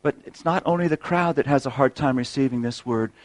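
A man's voice: medium pitch, a little fast, no echo, poor audio. A man preaching a sermon, earnest and explanatory, posing rhetorical questions and often repeating words as he goes.

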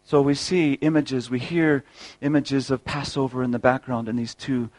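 A man's voice: medium pitch, steady tone, normal speed, a little mellow, no room sound, rough recording. A man preaching a sermon, earnest and explanatory, posing rhetorical questions and often repeating words as he goes.

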